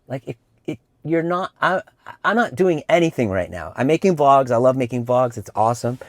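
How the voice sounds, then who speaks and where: A middle-aged man vlogging in a casual sit-down chat, telling stories in an animated way and slipping into quick impressions. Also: mid-range voice, no room sound, studio quality. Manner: chatty and animated, slips into impressions. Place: indoor room.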